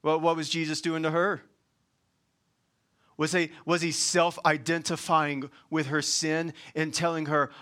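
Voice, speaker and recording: A man preaching a sermon in a colloquial, folksy way, swinging from loud emphatic points to quiet asides. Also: fairly high pitch, level tone, a little slow.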